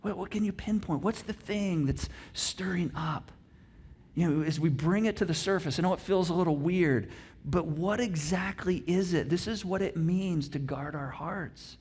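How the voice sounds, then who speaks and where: High-voiced pastor guy, chatty sermon in a church, acts out what people think. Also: moderate pace, a little mellow, breathy edge. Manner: conversational, acts out inner dialogues, laughs easily. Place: church auditorium.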